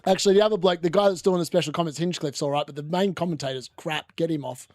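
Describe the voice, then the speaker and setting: A young man with a fairly high voice talks through a live football watchalong, chatty and rambling as he reacts to the game. The sound is dry and close, with no room echo. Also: fast talker, darkish tone. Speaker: watchalong host. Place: room at home.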